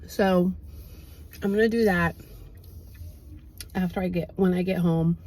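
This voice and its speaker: A woman's voice: on the low side, steady tone, measured pace, a little mellow, low-quality recording. A woman vlogging in a casual, rambling way, with lots of fillers. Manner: chatty, rambling, many fillers. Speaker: fitness vlogger. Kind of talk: casual vlog chat. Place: outdoors then at home.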